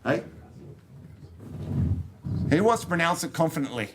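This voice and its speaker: A man's voice: on the high side, very animated, measured pace, background noise. An Australian man giving a technical talk to an audience, joking and rambling with plenty of fillers and restarts. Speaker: conference speaker. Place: conference room.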